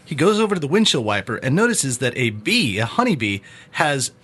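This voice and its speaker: A man hosting a podcast, telling an anecdote in an animated, casual way. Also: mid-range voice, fairly quick, breathy edge. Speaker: podcast host. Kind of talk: casual chat, storytelling.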